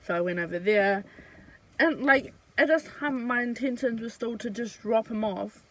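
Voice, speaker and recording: A young woman vlogging a casual storytime, chatty and blunt, swearing freely and filling pauses with "um" and "like". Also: on the high side, a bit bright, rough recording.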